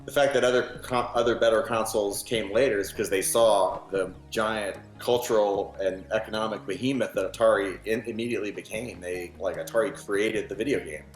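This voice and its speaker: A man, a novelist, speaking in a documentary interview, relaxed and halting with many fillers. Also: fairly low pitch, faint music behind. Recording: roomy echo.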